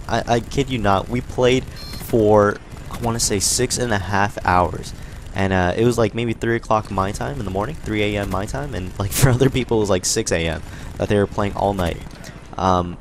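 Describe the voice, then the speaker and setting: A young man telling a rambling, animated story while commentating on a game, with lots of fillers. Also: lowish voice. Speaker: gaming commentator. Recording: faint gunfire noise behind. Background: game gunfire.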